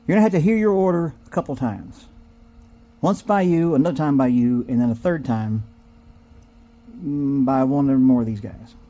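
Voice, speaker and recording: A man's voice: medium pitch, normal speed, dark tone. A man telling a rambling comic story in a drawling, folksy way, acting out the people in it. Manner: drawling, folksy, digressive, acts out characters. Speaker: comedic storyteller.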